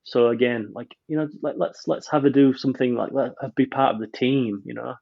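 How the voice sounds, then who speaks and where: A man's voice: mid-range voice, fairly even intonation, fairly quick, gravelly, dull audio. A man reviewing a film on a podcast in casual chat, rambling with many restarts.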